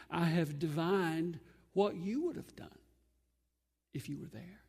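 A man preaching an earnest sermon, emphatic and pausing often between phrases. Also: a little high, gravelly, a little mellow, slightly rough. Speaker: pastor. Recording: long hall reverb.

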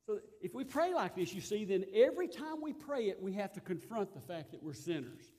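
Guy preaching a sermon, pretty high voice, gets loud then goes quiet, drifts off mic sometimes. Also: very animated, fairly quick. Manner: earnest, swings between loud emphasis and soft asides. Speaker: pastor.

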